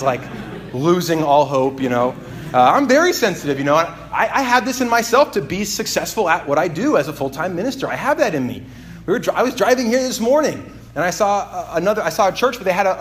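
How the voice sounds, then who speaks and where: A man's voice: sits high, a bit bright, slight background noise. Candid man preaching a casual sermon. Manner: candid, self-deprecating, rambling with many fillers. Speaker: pastor. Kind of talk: conversational sermon.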